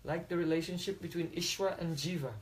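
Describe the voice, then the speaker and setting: A man doing a calm, detached young sage. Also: fairly high pitch, quick pace, a little hiss or hum, close to an everyday voice, low-quality recording. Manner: calm, reasoning, philosophical.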